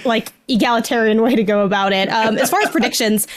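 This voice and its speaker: A woman's voice: a little high, fast talker. A woman co-hosting a casual gaming podcast, playful and jokey in her takes. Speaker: podcast co-host. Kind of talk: casual video game discussion.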